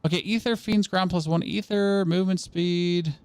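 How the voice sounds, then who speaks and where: A man's voice: high-pitched, steady tone, normal speed, darkish tone, clear, resonant tone. A young man giving casual gameplay commentary as a streamer, rambling, stammering over his words and asking his viewers questions.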